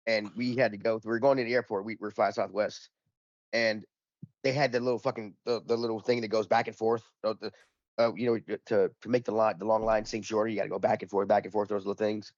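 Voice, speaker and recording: A man's voice: lowish voice, level tone, fast, no room sound, dull audio. A man in casual podcast chat, telling a rambling, profane anecdote and acting out the dialogue in it. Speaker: podcast panelist.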